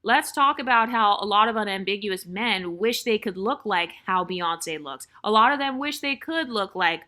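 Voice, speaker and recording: A woman with a bright, sharp-edged voice talks straight to camera in an opinionated commentary vlog. Her speaking pitch sits in the middle range for a woman. She is blunt and emphatic, and she circles back to repeat her points so they land. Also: lively intonation, normal speed. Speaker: vlogger.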